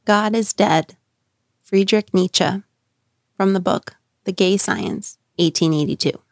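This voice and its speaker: Measured woman reading aloud. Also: mid-range voice, no room sound, clean studio sound. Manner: measured, expressive. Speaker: quote reader. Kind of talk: dramatic reading.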